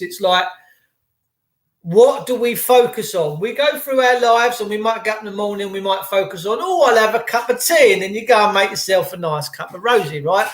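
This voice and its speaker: A high-voiced man chats loosely to his livestream viewers, greeting them by name and wandering from topic to topic. His voice rings around an echoey room. The talk stays casual and rambling throughout. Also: a bit bright. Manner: chatty, rambling banter with viewers. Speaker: livestream host.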